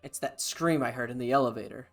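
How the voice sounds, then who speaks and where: A man's voice: medium pitch, fast talker, a bit bright. Foul-mouthed guy streaming a game, joking around, some music behind. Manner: profane, joking, bursts into laughter. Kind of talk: casual live-stream commentary.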